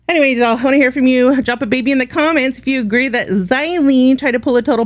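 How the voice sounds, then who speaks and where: A blunt, foul-mouthed woman vlogger rants in a casual, sassy way, her voice a little strained. Her voice sits on the higher side. The sound is dry and close, with no room echo. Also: lively intonation, fast talker, hardly any pauses. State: struggling voice, hard to talk. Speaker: drama commentary vlogger. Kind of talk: casual ranting commentary.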